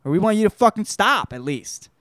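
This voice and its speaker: A man's voice: high-pitched, sing-song, fairly quick, fairly bright tone, no echo, studio quality, voice pushed up. A man voicing a blunt young female vampire spy who talks casually and bluntly.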